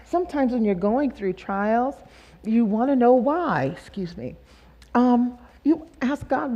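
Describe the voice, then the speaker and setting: A middle-aged woman giving a conversational Bible teaching as a guest speaker, expressive and quick to laugh. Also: a little high, dull audio.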